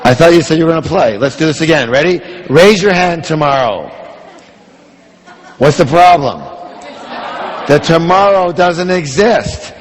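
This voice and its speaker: A man leads a motivational seminar before a large audience, pitched slightly high for a man. He keeps the room engaged with repeated call-and-response questions. His voice carries a long hall reverb. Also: moderate pace, a little hiss or hum. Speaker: motivational speaker.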